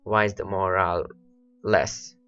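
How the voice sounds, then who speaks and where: A man's voice: sits low, little pitch movement, a little slow, pushed and bright, clear, resonant tone, muffled recording. A man rambling through gameplay commentary, his voice worn and cracking from hours of talking, repeating words as he talks to his units. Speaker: let's play host.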